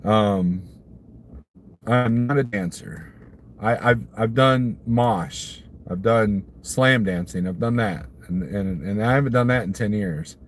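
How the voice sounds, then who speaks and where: A man's voice: on the low side, slow, a little hiss or hum. A man from Missouri, a trucker hosting a casual live stream, rambling and answering viewer comments while chuckling at his own jokes. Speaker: trucker livestreamer.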